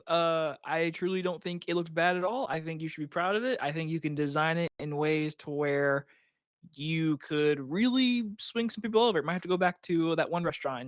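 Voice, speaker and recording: A man's voice: fairly high pitch, normal speed, dry recording. Ranting young man, dry close mic. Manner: animated, ranting, swears freely. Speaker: podcast co-host. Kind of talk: casual chat.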